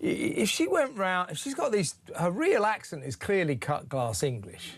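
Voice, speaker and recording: A man hosting a phone-in talk radio show, chatty and joking, jumping in with quick interjections. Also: high voice, wildly swooping pitch, slightly rough. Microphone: studio microphone.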